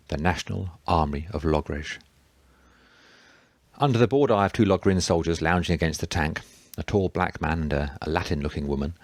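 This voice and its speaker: Male narrator, very deep voice, dry booth sound, steady reading pace. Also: no echo. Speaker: audiobook narrator. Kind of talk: scripted narration.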